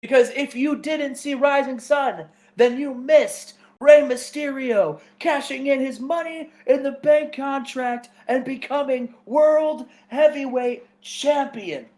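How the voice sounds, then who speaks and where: A man putting on a proud, earnest masked wrestling champion, pitched well above his own speaking voice. He delivers a heartfelt victory promo in a raised, earnest tone, as in a gameplay video. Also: a little slow.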